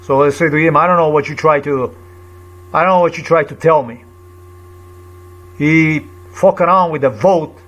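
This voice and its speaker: A man with a slightly high voice recounts a run-in in a loose, rambling way. He stops and restarts often and repeats phrases while he searches for words. An agitated, indignant edge runs through his talk. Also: fairly bright tone, highs cut off. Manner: halting, repetitive, searching for words. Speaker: vlogger. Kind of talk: rambling personal account.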